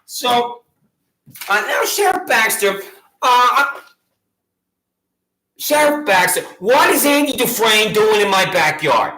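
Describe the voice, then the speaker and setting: A woman with a Long Island accent mocks her targets in a lively, high voice that swoops up and down. Her taunts come back again and again, and the room around her rings with echo. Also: takes it slowly, long pauses. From Long Island, New York. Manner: sarcastic, taunting, repetitive. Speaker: vlogger. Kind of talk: mocking direct-address rant. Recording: echoey room.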